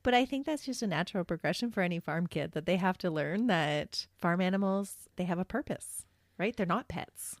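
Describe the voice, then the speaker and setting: A woman co-hosting a podcast, chatting casually and reacting with quick remarks and laughs. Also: on the low side, animated, no echo, clean studio sound. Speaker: podcast co-host. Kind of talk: casual chat.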